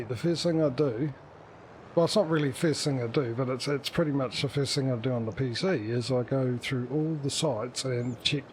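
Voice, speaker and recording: A man's voice: medium pitch, a little hiss or hum. Rambling man chatting on a game stream. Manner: rambling, chatty, sarcastic asides. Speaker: livestream gamer host. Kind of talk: casual gaming livestream chat.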